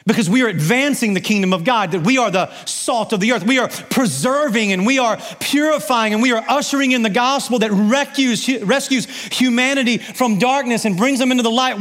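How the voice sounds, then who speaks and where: Pastor guy, pretty high voice, preaching hard, punches his words, asks the room stuff. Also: fairly bright tone. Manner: emphatic, varies pace, asks the congregation questions. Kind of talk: sermon.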